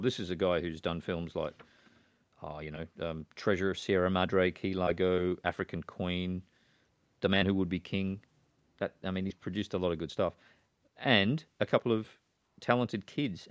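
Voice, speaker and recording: A man with a fairly low voice talks through films in a loose, halting way, circling back on his words with fillers. The sound is close and dry, with no room around it. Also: dry recording. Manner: hesitant, many fillers and restarts, chatty. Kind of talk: casual film discussion.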